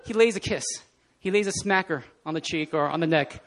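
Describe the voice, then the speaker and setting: A man preaching a casual, animated sermon in a church, often laughing and acting out scenes. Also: a little high, a little fast, a little hiss or hum. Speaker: pastor. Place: church hall.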